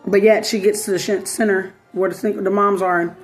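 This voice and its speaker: A woman, telling a story in casual commentary, animated and slangy, acting out the quoted voices. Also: mid-range voice, fairly quick, few pauses, faint music behind.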